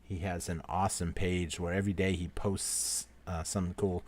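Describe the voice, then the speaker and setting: A man's voice: low-pitched, little pitch movement, normal speed. A man hosting a live-stream giveaway, calling out names one by one and apologizing to each in a casual, friendly way. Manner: apologetic, repeating "so sorry, my friend" to each name; swings between loud call-outs and quiet asides. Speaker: livestream host running a giveaway.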